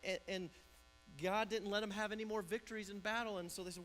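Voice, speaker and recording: A man's voice: high-pitched, steady tone, quick pace, fairly bright tone, slight background noise, poor audio. A man pastor preaching a conversational sermon in a church, often restarting and repeating words.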